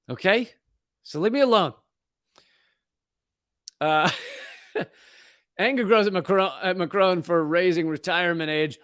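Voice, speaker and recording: Speaking slowly with long pauses, this American man has a high, sing-song, slightly bright voice and no room sound. As host of his live comedy show, he gives a casual, ranting take on the news, sarcastic and riffing, mocking pronunciations and often restarting and laughing.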